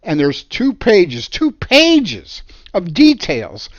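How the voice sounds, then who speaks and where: A man, an architect, telling a story from his career in an animated, emphatic way. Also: high-pitched, takes it slowly, no room sound, highs cut off. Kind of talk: storytelling monologue.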